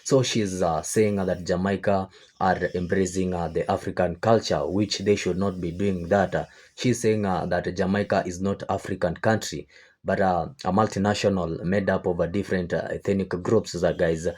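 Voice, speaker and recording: A man hosting a reaction channel, talking haltingly with many fillers. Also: sits low, fairly even intonation, a little mellow. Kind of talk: casual reaction video intro.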